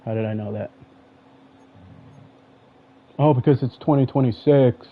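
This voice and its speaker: A man's voice: medium pitch, a little slow. A man streaming an online football game, commenting as he plays and arguing back at his opponent. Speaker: gaming streamer. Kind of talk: live gameplay commentary. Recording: tinny phone-like sound.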